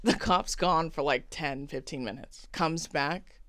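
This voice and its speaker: This woman co-hosts a podcast and relates a story in relaxed conversation, performing the quoted lines with animation. Her low voice moves at a measured pace, captured in a clean, dry studio recording.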